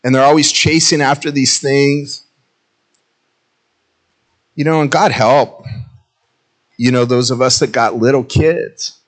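A man's voice: medium pitch, fairly even intonation, slow, long pauses. Conversational, self-mocking male pastor. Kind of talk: sermon.

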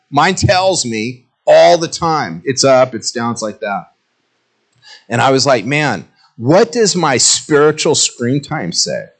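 A man preaching a relaxed, conversational sermon with a medium-pitched voice. He talks to his congregation like old friends, slipping into playful asides and little jokes as he goes. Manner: conversational, jokey, animated asides. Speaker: pastor. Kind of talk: casual sermon.

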